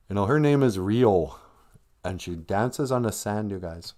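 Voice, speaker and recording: A man's voice: lowish voice, animated, measured pace, darkish tone. A middle-aged man hosting a comedy live stream, rambling through jokes and language lessons with playful asides.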